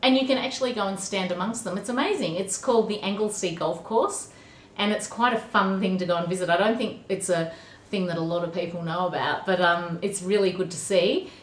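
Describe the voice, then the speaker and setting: The room echoes as an Australian vlogger, medium in pitch and brisk in pace, replies to kids' questions. It's a casual video message to a class, delivered chattily and upbeat, like a teacher would.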